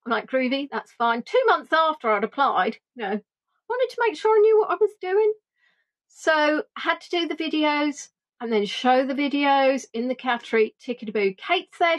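Bubbly woman guide, high voice. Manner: animated, playful, acts out quotes in funny voices. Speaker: virtual tour guide. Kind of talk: chatty reminiscing monologue.

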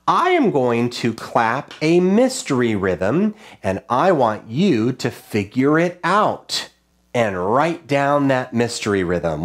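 Slow, patient male music teacher. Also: mid-range voice, very animated. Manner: slow, patient, chanting rhythm syllables. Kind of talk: online music lesson for children.

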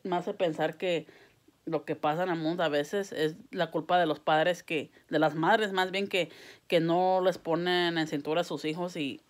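A woman's voice: fairly low pitch, fairly even intonation, normal speed. A woman venting to camera in a casual vlog, swearing and switching between English and mid-sentence, exasperated and heated. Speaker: vlogger.

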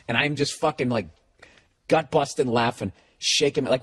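A comedian and podcast host telling a story as a profane comic rant, animated and mocking, swearing constantly. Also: male voice, medium pitch, normal speed, breathy edge.

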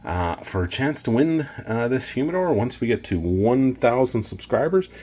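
A man's voice: mid-range voice, very animated, moderate pace, mellow, slightly rough. A Canadian man casually showing off cigars in a vlog, enthusiastic and rambling with fillers. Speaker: cigar reviewer.

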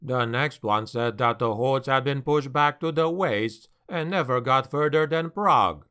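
A man's voice: medium pitch, a little slow, pushed and bright, clean tone. A man doing a bitter dwarf harbor master. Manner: grumbling, bitter.

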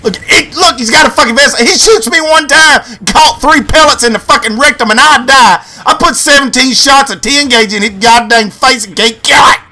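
A young man giving crude, excitable gameplay commentary, swinging between yelling and muttering. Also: very high-pitched, normal speed, few pauses, a little hiss or hum.

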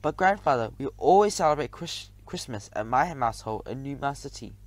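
A man's voice: mid-range voice, animated, brisk, no echo. A man doing a nervous fussy mouse editor. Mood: protesting. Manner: nervous, protesting. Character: fretful male mouse newspaper editor.

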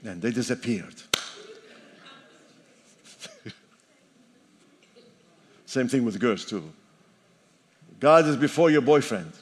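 A man's voice: mid-range voice, animated, slow pace, breathy edge. A man in his sixties, a pastor preaching a sermon in an emphatic, repetitive style with joking asides. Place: church sanctuary. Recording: long reverb of a church hall.

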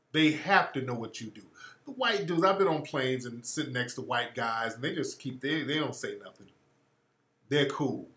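A man hosting a radio show, talking in a casual, profane monologue and laughing as he tells stories. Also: medium pitch. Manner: profane, laughing, animated storytelling. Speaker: radio host. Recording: roomy echo.

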